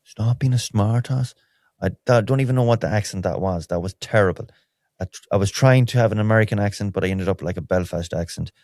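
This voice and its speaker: Deep-voiced Irish man rambling candidly. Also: quick pace, a little mellow, no room sound, studio quality. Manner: rambling, candid and wry, many restarts. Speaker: podcast host. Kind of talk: solo podcast, casual chat.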